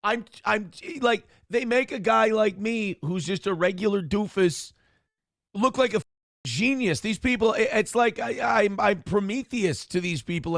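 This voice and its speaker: A man's voice: sits high, a bit bright, no echo, studio quality. A man hosting a livestream, ranting combatively and sarcastically at his critics, mocking their voices. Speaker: livestream host.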